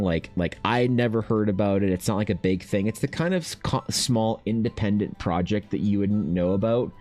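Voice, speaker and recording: A young man chatting casually on his art stream, rambling and swearing freely, often mimicking other people in quick high voices. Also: darkish tone. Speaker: artist streaming while painting.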